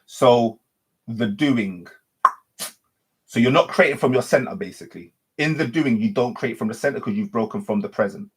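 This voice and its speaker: A man's husky, medium-pitched voice moves at normal speed through an unscripted spiritual monologue. Speaking as a teacher, he circles around his points with repeated, reworked phrasing and frequent self-corrections.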